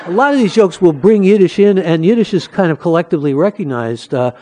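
Guy author telling jokes at a book talk, mellow warm voice, does little voices for the characters. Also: sits high, animated, fast. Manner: anecdotal, acts out jokes with voices. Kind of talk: lecture with joke-telling.

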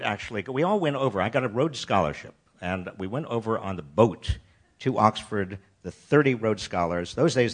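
Older man, wry halting storyteller. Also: on the low side, fairly bright tone, breathy edge. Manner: wry, self-deprecating, halting with restarts. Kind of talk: personal anecdote talk.

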